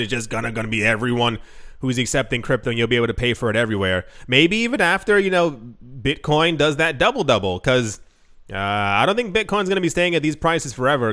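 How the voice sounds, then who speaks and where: A man's voice: medium pitch, fairly bright tone. A man hosting a casual crypto news show, reading headlines with sarcastic asides and frequent restarts.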